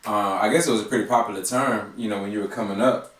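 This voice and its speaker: A man's voice: lowish voice, fairly even intonation, quick pace, fairly bright tone, distant mic. A man interviewing a guest in a curious, hesitant way, with plenty of fillers. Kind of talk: conversational interview. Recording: echoey room, off-mic.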